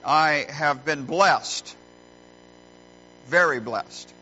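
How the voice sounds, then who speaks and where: A middle-aged man preaching a sermon as a pastor, earnest and folksy, telling stories with deliberate pauses, recorded in a church. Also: a little high, bright, forceful tone. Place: church sanctuary. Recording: muffled lo-fi recording with faint hum.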